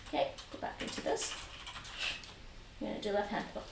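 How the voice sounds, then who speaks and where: Very animated and fairly quick, a woman with a slightly high voice and vocal fry teaches taekwondo on a live stream. She patiently repeats instructions and counts the reps aloud for this home workout. The distant mic captures roomy echo and faint noise.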